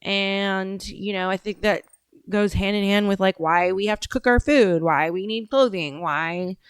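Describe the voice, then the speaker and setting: Woman livestream host, rambling and tangential, casual swearing, smooth voice in a dry, close sound. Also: mid-range voice, measured pace, no echo. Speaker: show host.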